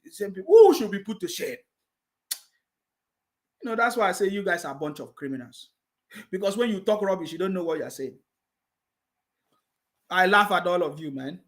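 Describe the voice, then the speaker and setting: A man's voice: sits high, very animated, moderate pace, pauses often. A man with a Nigerian English accent hosting a live stream, reading viewer comments and scolding his critics with repeated mocking taunts. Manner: reads viewer comments aloud.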